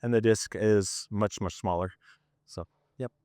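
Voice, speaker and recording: A man leading a farm tour outdoors, explaining his farming in a casual, conversational way with lots of fillers, his voice slightly hoarse. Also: fairly low pitch, fairly even intonation, measured pace, mellow, dry recording. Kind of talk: explaining while walking a group around.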